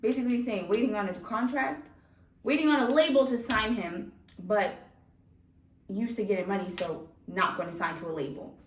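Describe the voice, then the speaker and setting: A woman's voice: medium pitch, moderate pace, slight background noise. A woman hosting a music reaction video, chatting casually and laughing often as she talks straight to her viewers. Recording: roomy sound from a distance off the mic.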